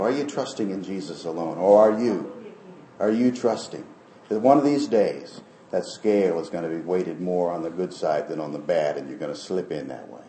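A male pastor preaching a sermon emphatically, often sinking to soft, low phrases. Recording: echoey room.

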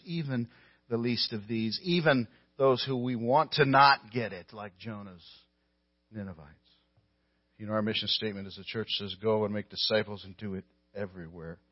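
A man preaching a sermon as a pastor, stressing words loudly and then dropping quiet. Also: fairly low pitch, no room sound, lo-fi sound. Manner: emphatic, with sudden loud stresses and quiet drops.

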